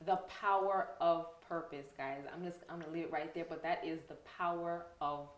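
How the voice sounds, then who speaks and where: A woman's voice: low-pitched, fairly even intonation, moderate pace, reverberant. A woman hosting a faith-based talk show, giving enthusiastic, preachy encouragement. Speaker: host.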